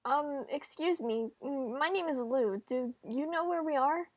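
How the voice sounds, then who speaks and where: A timid, friendly young protagonist, as a woman reads her in a fan visual novel, stammering and apologizing often. The voice is fairly high, recorded close in a dry room. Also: a little slow, no echo.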